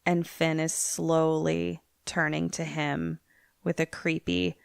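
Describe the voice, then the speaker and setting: A woman podcast co-host in casual chat, telling a horror film's plot in an animated way and acting out the characters. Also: sits low, slow, gravelly, no room sound, clean studio sound. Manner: animated storytelling, acts out the characters.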